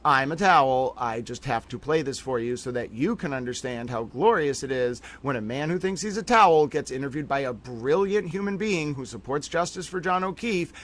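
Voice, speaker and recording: Man, live stream host, playful mock-grand rambling, mid-pitched, tired late-night streaming energy. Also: animated, moderate pace, few pauses, a bit bright. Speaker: livestream host. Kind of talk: long live stream commentary.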